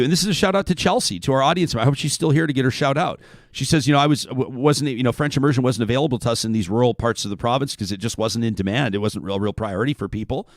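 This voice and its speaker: A man hosting a talk show, chatting casually and reading listener emails aloud in an animated way. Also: medium pitch, no room sound, clean studio sound. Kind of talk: radio talk show monologue.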